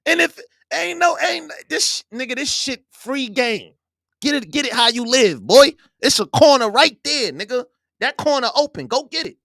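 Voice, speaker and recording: A man hosting a live online show, ranting loudly and profanely with bursts of yelling. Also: very high voice, moderate pace, vocal fry, dry recording, studio quality. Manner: loud, profane, animated, yelling at times. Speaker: podcast host. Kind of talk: heated live-stream rant.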